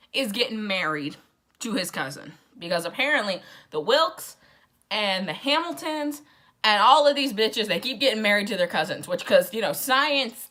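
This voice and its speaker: A woman's voice: mid-range voice, fairly bright tone. A drunk young woman rambling through a casual, profane book summary with sarcastic asides. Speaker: book vlogger.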